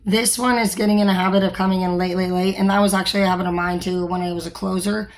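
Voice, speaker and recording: A woman's voice: medium pitch, steady tone, fast. A young woman, a store manager, talking frankly and rambling in a casual vlog, with many fillers and some swearing.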